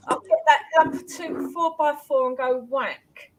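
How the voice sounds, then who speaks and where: A woman's voice: sits high, fairly even intonation, slow, noisy background. An older woman hosting a live chat stream, chatting casually with panel guests and thanking viewers. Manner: chatty, warm sign-off thanks.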